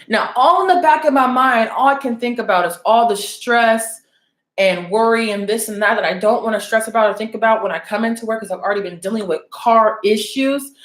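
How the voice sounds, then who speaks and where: A woman's voice: fairly high pitch, a bit bright, echoey room. A young adult woman telling a story and giving blunt advice in a casual vlog, swearing freely and often asking "okay?". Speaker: oracle card reader and channel host.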